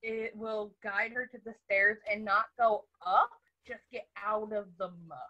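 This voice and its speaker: A woman playing a tabletop game, speaking briskly and directly over dull, distant call audio. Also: medium pitch, steady tone. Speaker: player. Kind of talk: quick in-game chat.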